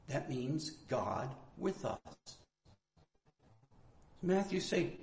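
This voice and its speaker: A male pastor teaching from the Bible in a sermon, swinging between loud emphatic bursts and quiet asides. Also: on the high side, lively intonation, drawn-out words, pauses often. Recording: echoey room.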